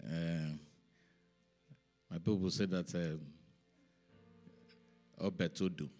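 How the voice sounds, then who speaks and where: A man preaching in a church service, emotional and close to tears, who moves from hushed talk to loud shouted praise. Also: low voice, fairly even intonation, slow, faint music behind. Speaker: pastor. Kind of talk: church sermon and prayer.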